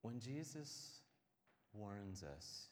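A man preaching a sermon with a lowish voice. He moves between hushed stretches and loud, passionate ones. A long reverb from a large hall trails his words. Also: big pitch swings, extremely slow, a little hiss or hum. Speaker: pastor. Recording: echoey hall.

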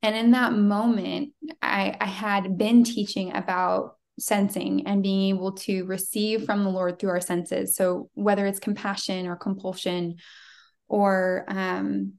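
A woman in her thirties tells a story on a faith podcast, earnest and easygoing, and slips into the voices of the people she quotes. Her voice has a light gravelly fry on it, at a middle pitch. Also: little pitch movement, measured pace. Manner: earnest storyteller, acts out dialogue. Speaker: podcast guest, prophetic trainer.

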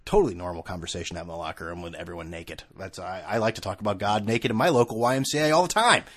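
Husky, heated male podcast ranter. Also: low-pitched, racing, a bit bright. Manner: profane, sarcastic, heated, full of restarts. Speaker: podcast host. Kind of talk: solo podcast rant. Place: room at home.

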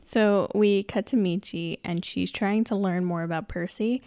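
A woman's voice: medium pitch, fairly even intonation, unhurried, darkish tone, clean tone, no room sound. Laughing young woman with a dry, close sound. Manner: laughs often, reactive and conversational. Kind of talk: casual movie recap chat.

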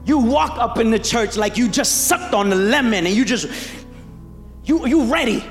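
A man preaching a sermon, animated and playful, acting out biblical voices for the congregation. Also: very high voice, moderate pace, in a large hall, faint music behind.

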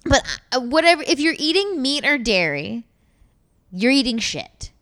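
Animated, blunt-talking woman with a smooth voice. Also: high-pitched, moderate pace. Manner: blunt, animated, swears freely. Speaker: podcast co-host. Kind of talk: casual chat.

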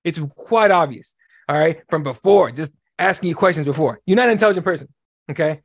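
A fast-talking man with a slightly high voice, ranting bluntly and cursing freely. The sound is dry and close, with no room around it. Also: animated, no room sound. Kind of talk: casual podcast chat.

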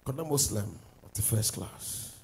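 Animated preacher man. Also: a little slow, a little hiss or hum, poor audio. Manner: animated preaching, swings from loud declarations to low asides. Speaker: pastor. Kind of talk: sermon.

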